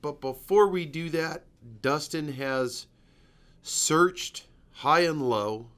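A man's voice: fairly high pitch, takes it slowly, a bit bright. A man hosting a podcast in casual chat, with dry, teasing asides. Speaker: podcast host. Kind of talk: casual chat, show intro.

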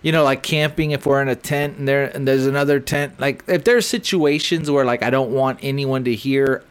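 A man's voice: medium pitch, normal speed, clear, resonant tone. A middle-aged man co-hosting a podcast, telling a story in casual chat, swearing freely and acting out what others said. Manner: animated, swears freely, acts out quotes. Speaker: podcast co-host.

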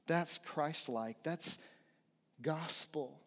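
Preaching man with a higher voice, reverberant hall. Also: moderate pace. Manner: earnest preaching with emphatic repetition. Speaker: pastor. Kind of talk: sermon.

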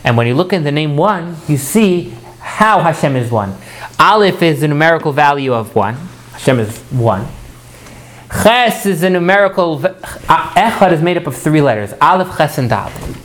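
A man's voice: a little high, expressive, normal speed, a bit bright. A man teaching a Torah class, often repeating words as he starts and putting questions to his listeners.

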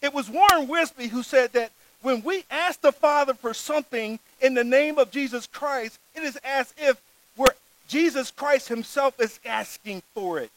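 Guy preaching a sermon, really high voice, earnest, leans on key words. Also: normal speed, noisy background. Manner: earnest preaching, reads scripture aloud, stresses key words.

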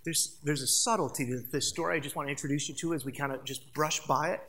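A pastor preaching a sermon in an animated way, asking the congregation rhetorical questions. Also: medium pitch, fast.

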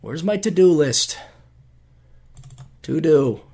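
A man's voice: a little high, lively intonation, slow pace, gravelly, mellow, breathy edge. A man from Minnesota hosting his own podcast, talking casually in a sarcastic, ranting way and swearing freely. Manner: mocking voices when quoting people. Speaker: podcast host. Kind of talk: casual solo podcast monologue.

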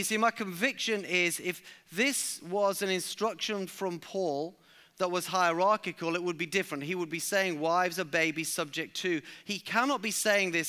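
Male preacher, sermon, high voice, smooth and resonant, emphatic. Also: sharp tone. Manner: emphatic, repeats key lines for stress.

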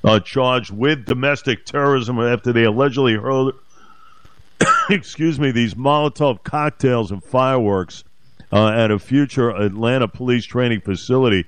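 A man's voice: medium pitch, moderate pace, no room sound. A man hosting a talk radio show, speaking emphatically and indignantly, repeating his points.

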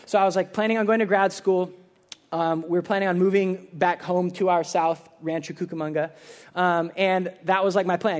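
A young man in his twenties preaching a casual sermon, telling stories with lots of "like" and acting out quick voices. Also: high-pitched. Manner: animated storytelling, acts out voices, filler "like". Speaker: pastor.

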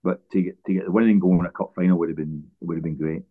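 A man's voice: deep voice, steady tone, fast. A Scottish man, a former footballer, telling long rambling anecdotes as an interview guest with frequent restarts. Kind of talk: relaxed storytelling interview. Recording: tinny phone-like line.

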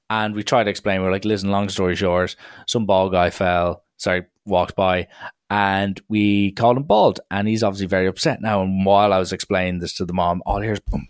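A young man telling a long comic story, shouting out the quoted lines. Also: lowish voice, a little fast, dry recording, clean studio sound. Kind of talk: storytelling stand-up.

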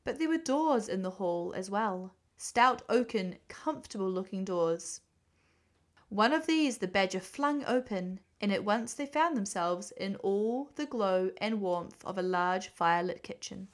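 A woman's voice: mid-range voice, animated, unhurried. Woman reading a children's story aloud.

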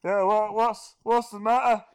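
A man's voice: sits high, little pitch movement, unhurried, clear, resonant tone, pitched above the performer's own voice. A man voicing a grumpy, sweary God who has been woken up in a box, grumbling in a blokey way.

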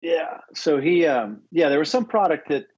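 A man's voice: fairly high pitch, lively intonation, moderate pace, breathy edge, highs cut off. A man co-hosting a podcast in easygoing, rambling casual chat, agreeable and loose. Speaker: podcast co-host.

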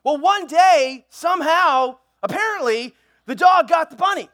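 A man's voice: very high-pitched, unhurried. A man preaching a sermon in a church, cracking jokes and telling a comic story with playful asides. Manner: joking, animated, playful asides. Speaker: pastor. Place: church sanctuary.

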